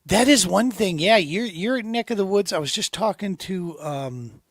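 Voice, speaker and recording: A middle-aged man hosting a podcast, talking in a relaxed, rambling way and calling his guest "dude" and "man". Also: high voice, normal speed, dry recording, studio quality. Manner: laid-back, rambling, says dude and man often. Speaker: podcast host. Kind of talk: casual interview chat.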